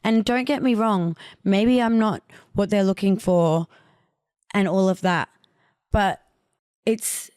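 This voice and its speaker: A woman's voice: medium pitch, slow pace, pauses often, a little mellow, smooth, no echo, clean studio sound. A young woman hosting a podcast, talking frankly about her own life in a candid monologue, full of "like" and casual swearing. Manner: frank and blunt, heavy on fillers like "like". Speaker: podcast host.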